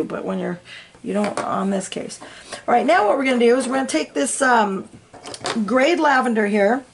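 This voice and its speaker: A woman teaching a coloring lesson, talking through each step in a soft, chatty way with plenty of fillers. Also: fairly high pitch, gravelly. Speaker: coloring instructor. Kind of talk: real-time art tutorial.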